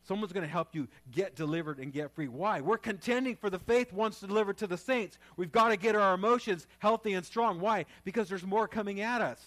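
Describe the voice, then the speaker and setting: A man preaching a sermon as pastor, talking conversationally and then rising into loud, fervent prayer. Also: high-pitched, a little fast, hardly any pauses.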